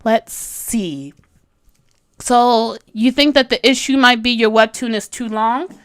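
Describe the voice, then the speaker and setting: A bubbly woman in her thirties with a high, bright-sounding voice, talking through a drawing tutorial on a livestream. She rambles, giggles often and teases herself as she answers viewers. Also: slow pace, clear, resonant tone. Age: 30s. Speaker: webcomic artist streaming a tutorial. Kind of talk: casual livestream chat, reading comments.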